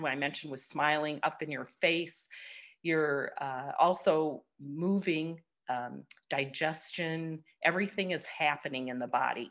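A woman leading an online laughter workshop over a video call, encouraging, laughing often and chanting loudly. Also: deep voice.

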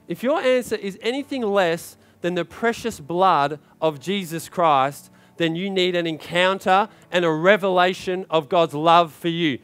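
A man preaching in a church service with a fairly high voice. He drives his points home with fervent repetition and urging calls to the congregation. Soft instrumental music plays faintly behind him. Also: fairly quick. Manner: impassioned preaching with repeated phrases and calls of "come on". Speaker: pastor. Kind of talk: sermon.

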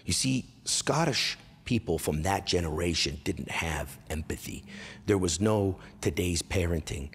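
This stand-up comedian has a husky, low-pitched voice and a lively delivery as he tells stories on stage. He's foul-mouthed and animated, jumping rapidly into character voices, while the hall gives a long echo.

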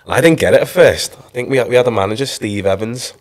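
Speaking quickly in a mid-range voice, this Liverpool man in his thirties shares stories from his footballing past on a casual podcast. He sounds relaxed and frequently uses "like" and "you know."

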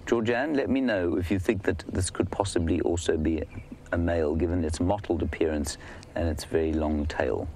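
Deep-voiced male safari guide. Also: moderate pace, darkish tone, slight background noise. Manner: chatty, explanatory, addresses viewers by name. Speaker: safari guide and live host. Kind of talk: live safari commentary answering viewers. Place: outdoors in the bush. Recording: faint outdoor ambience behind.

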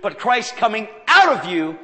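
A man preaching a sermon to a live audience. He tells anecdotes in an animated way and acts out the dialogue. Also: sits high, normal speed. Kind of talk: sermon storytelling. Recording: long reverb of a large hall.

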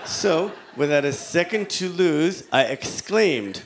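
A man performing a stand-up comedy set, with a slow, deadpan, soft-spoken delivery that jumps suddenly up in pitch. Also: noisy background. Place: comedy club stage with audience. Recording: live audience laughter behind.

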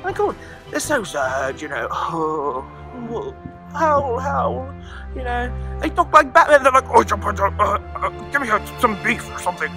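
A man's voice: extremely high pitch, bright, forceful tone, exaggerated voice. A man playing a pompous elk king. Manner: boastful, rambling, bossy to staff. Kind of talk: comic mockumentary monologue. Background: faint background music.

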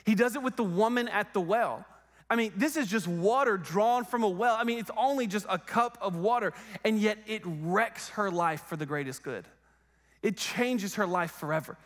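A man's voice: sits high, moderate pace. A man preaching a sermon in a church, in a conversational, storytelling way with lots of casual fillers. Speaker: pastor. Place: church sanctuary.

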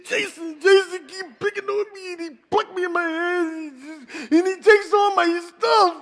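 A preacher putting on a small, bullied boy with a thin, raised, whiny voice. The boy sounds tearful and complains in a pleading way, with his pitch pushed well above the man's own. It is an animated voice for a story told from the pulpit. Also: a little slow, exaggerated voice. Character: small crying boy picked on by a bully.

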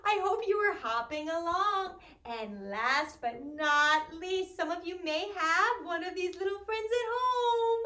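A woman leading a sing-along music class for small children, with an animated, sing-song manner and playful animal sounds. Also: very high-pitched, measured pace, hardly any pauses, reverberant.

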